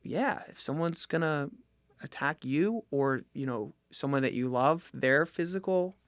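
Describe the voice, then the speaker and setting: A man's voice: fairly high pitch, animated, unhurried, dry recording, clean studio sound. A man from New Jersey, a gym owner and jiu jitsu coach, talking reflectively as a podcast guest. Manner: reflective, thoughtful, with many fillers. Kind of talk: casual conversation.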